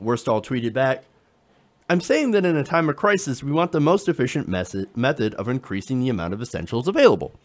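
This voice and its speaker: A man's voice: medium pitch, sing-song, brisk. A man hosting casual political commentary, talking conversationally with sarcasm and frequent fillers.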